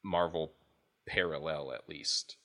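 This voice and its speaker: A man's voice: very deep voice, fairly even intonation, takes it slowly, a bit bright. A man chatting casually on a podcast, rambling and restarting his thoughts as he goes. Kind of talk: casual chat.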